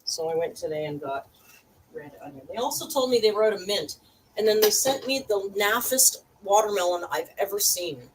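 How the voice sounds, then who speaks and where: A woman talks her viewers through a recipe in a relaxed, chatty way and tosses in wry asides. She sits well back from the mic, so her voice sounds distant. Kitchen noise runs clearly underneath. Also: medium pitch, moderate pace. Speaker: cooking channel host. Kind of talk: casual chatty cooking vlog. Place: home kitchen.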